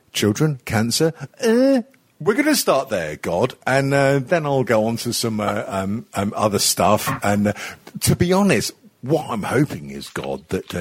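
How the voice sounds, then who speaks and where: A man's voice: mid-range voice, slightly rough, no room sound. A man hosting a podcast, rambling and swearing freely with self-mocking humour. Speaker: podcast host. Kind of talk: casual podcast chat.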